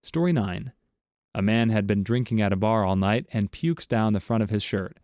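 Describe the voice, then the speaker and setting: A man reading short jokes aloud as scripted narration, with a steady storytelling delivery. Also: lowish voice, normal speed, no room sound, clean studio sound. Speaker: joke narrator.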